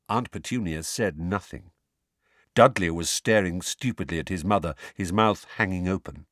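A man narrating an audiobook in a dramatic, expressive reading. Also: low-pitched, normal speed, no room sound, studio quality.

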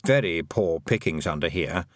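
A man reading an audiobook, voicing a mournful, wry male talking toad in a low grumbling tone. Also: expressive, moderate pace, dry recording, studio quality.

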